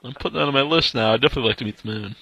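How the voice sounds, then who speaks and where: A man's voice: mid-range voice, racing, bright, forceful tone, slightly rough, no room sound, low-quality recording. A man hosting a podcast, giving short, friendly replies and thanking his guest. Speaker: podcast host. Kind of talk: casual interview chat.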